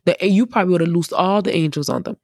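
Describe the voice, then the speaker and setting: A woman preacher giving casual, emphatic Bible teaching in a conversational, animated way. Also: on the low side, quick pace, no room sound.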